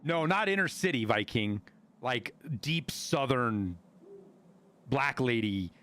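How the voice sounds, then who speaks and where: A man from Montana, a streamer telling stories in casual chat, animated and full of swearing. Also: medium pitch, slow pace, a little hiss or hum. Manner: profane, animated storyteller.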